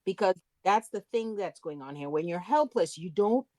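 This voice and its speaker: A woman's voice: fairly low pitch, animated, moderate pace, a little mellow, no room sound. A woman co-hosting a podcast, casually weighing in on characters' motives with frequent restarts. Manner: agreeable, backchannels and stumbles on restarts. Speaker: podcast co-host. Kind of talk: casual discussion.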